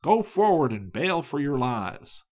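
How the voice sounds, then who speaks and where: A man voicing a commanding male raft captain who shouts his orders. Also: on the high side, very animated, measured pace. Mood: urgent. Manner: barked commands, loud and raised.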